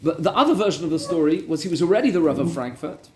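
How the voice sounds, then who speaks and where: A man's voice: a little high, fast, slight background noise. Man telling a story in a Torah class. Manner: animated storyteller, repeats words for emphasis. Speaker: rabbi teaching a weekly class.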